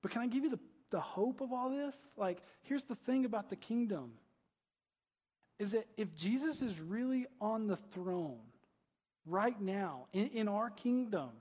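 A man's voice: sits high, darkish tone, slightly rough, long reverb tail. A male pastor preaching a conversational sermon, asking rhetorical questions and often adding "right?".

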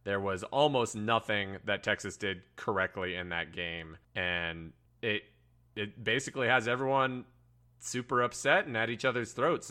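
Sports talk host guy, measured and analytical, bright forward voice, a bit low.

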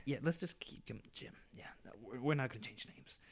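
Give me a lively young man telling a story to friends, cursing freely and doing everyone's voices. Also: mid-range voice, a little fast, gravelly. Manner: animated, profane, acts out quoted voices. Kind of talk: casual storytelling.

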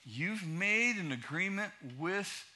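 A middle-aged pastor preaches a sermon in a notably high, bright voice. He drives his points home with emphatic, rhythmic repetition, and his pitch moves in a lively way. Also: slow pace.

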